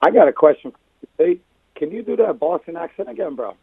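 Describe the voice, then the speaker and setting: A man's voice: a little high, animated, fairly quick, gravelly, husky, dry recording, narrow, tinny audio. A man who is a guest on a casual sports podcast gives blunt opinions and folksy sayings, often calling the host brother.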